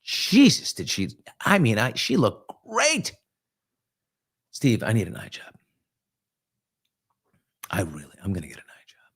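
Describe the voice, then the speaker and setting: A man's voice: on the low side, wildly swooping pitch, a little slow, creaky, pauses often, a bit bright, husky. A man hosting a casual morning chat show, gossiping about celebrities in a chatty, loose way. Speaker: host.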